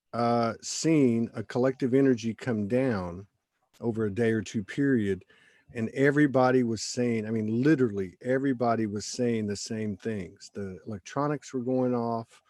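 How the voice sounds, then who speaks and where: A male host tells a story in a chatty, rambling way, often restarting his sentences. His voice sits at a middle pitch, and the recording is dry, with almost no room echo. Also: darkish tone. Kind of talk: casual conversational interview.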